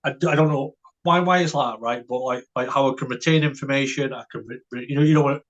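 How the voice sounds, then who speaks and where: A man's voice: mid-range voice, fast, dull audio. A man, a podcast guest telling a story in a casual way. He stammers and restarts often and keeps tagging his lines with "right?" and "mate".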